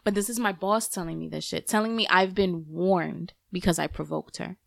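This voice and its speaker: A woman's voice: lowish voice, moderate pace, gravelly, no echo, clean studio sound. A woman in her thirties hosting a podcast, telling a story in casual, candid chat, cursing freely. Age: 30s. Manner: candid, profane, animated storytelling. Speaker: podcast host.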